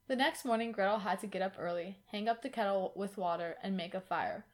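A woman reading a fairy tale aloud in a calm, even manner. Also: mid-range voice, fairly quick. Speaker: reader.

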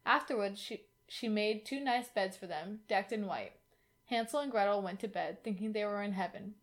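A woman reading a fairy tale aloud in a calm, even manner. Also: mid-range voice. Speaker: reader.

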